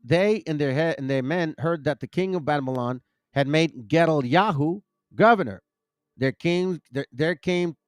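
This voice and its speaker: Casting: higher-voiced man, loose bible-study host who trips over names, dry close recording. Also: measured pace, clean tone, dry recording. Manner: rambling, self-correcting, stumbles over names. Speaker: bible teaching channel host. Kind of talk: casual religious teaching and scripture reading.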